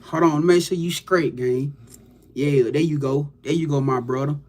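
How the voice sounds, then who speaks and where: A man's voice: on the high side, fairly even intonation, moderate pace. Profane hype motivational man. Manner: loose, profane, hype pep talk to viewers. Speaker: motivational livestream host. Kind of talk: casual motivational talk.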